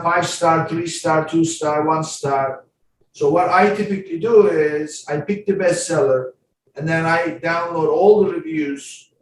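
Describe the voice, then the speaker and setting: A man hosting a podcast, explaining slowly and deliberately in a casual way, often restarting his words. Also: on the high side. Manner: slow, deliberate explaining with repeated starts. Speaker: podcast host. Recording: echoey room, voice far from the mic, faint background hum.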